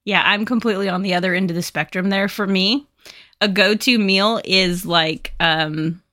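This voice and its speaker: A woman's voice: mid-range voice, fairly even intonation, normal speed, bright, forceful tone. A woman hosting a casual podcast, chatty and playful, often laughing. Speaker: podcast host.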